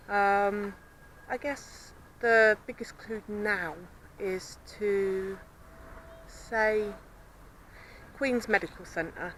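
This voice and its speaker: A chatty woman with a southern English accent, rambling cheerfully through an outdoor vlog by the water. Her voice is bright and forceful, carrying well in the open air. Faint outdoor ambience with birds sits behind her. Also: mid-range voice, slight background noise, low-quality recording. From Southampton, southern England. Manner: chatty, rambling, self-described babbling. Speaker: vlogger. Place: outdoors by a river with swans and ducks.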